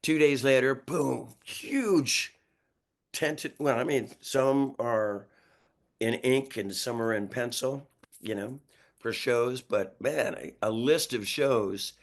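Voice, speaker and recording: Rambling talk-show guest, man in his 60s, from New York, mid-pitched and chatty. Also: slow pace. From New York, USA. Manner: lively, rambling, chuckles often, restarts sentences. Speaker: guest musician. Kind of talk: casual storytelling interview.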